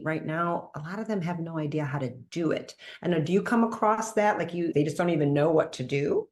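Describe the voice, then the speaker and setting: A woman host and doctor in a casual interview conversation, animated, laughing often and acting out quoted dialogue. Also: fairly low pitch.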